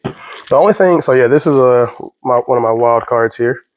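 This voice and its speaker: A young vlogger jokes and wanders off topic while cooking at home, keeping the talk loose and casual. His voice is mid-range at a normal speed, and the muffled recording carries slight background noise.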